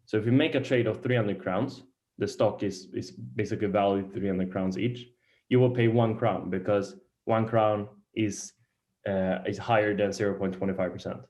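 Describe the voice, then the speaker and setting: Man, Swedish native, lecturing beginners in a room; lowish voice, stop-start delivery with restarts. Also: steady tone, darkish tone. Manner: halting, searches for words, many restarts.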